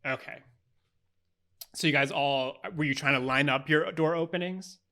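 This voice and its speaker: A man's voice: a little high, moderate pace, pushed and bright. A man narrating as game master of a tabletop game, describing scenes with many fillers.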